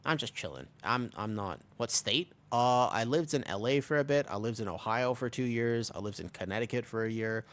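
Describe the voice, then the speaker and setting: A young man from America chats loosely with his stream while he plays. His mid-pitched voice rises and falls a lot as he jokes and rambles in reply to viewers. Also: expressive, fairly quick, hardly any pauses, fairly bright tone. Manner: rambling and joking, answers chat. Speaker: livestreamer. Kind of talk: casual livestream chat while gaming.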